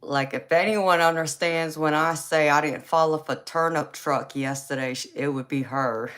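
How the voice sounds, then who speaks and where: Southern lady on a tarot livestream, low voice, takes her time, laughs a lot, calls ppl baby. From Los Angeles, USA. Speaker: tarot reader hosting a live chat. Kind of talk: casual livestream chat.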